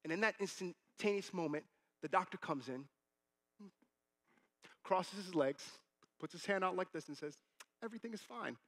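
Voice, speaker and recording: A man's voice: high-pitched, normal speed, pauses often. A man in his thirties preaching a sermon as pastor, telling stories and acting out the quoted voices. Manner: animated storytelling, acting out quotes.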